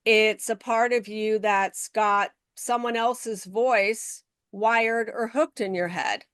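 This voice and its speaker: A woman guest on a podcast interview, telling stories in an animated way and acting out the people she quotes, speaking from her office. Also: a little high, slow, clean tone, no room sound, studio quality. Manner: animated storytelling, acts out quoted voices.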